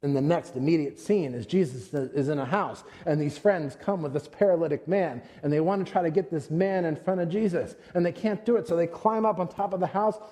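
Guy preaching in a church, kinda high mellow voice, tells the stories like a chat, big echoey hall. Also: brisk, few pauses. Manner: storytelling with acted-out quotes, conversational. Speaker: pastor. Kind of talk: sermon.

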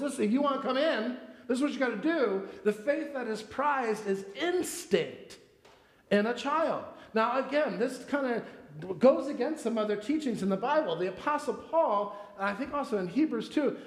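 Male pastor, 30s, high voice, chatty storytelling sermon, big echoey church room. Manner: conversational, storytelling with personal anecdotes. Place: church sanctuary. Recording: echoey church hall with long reverb.

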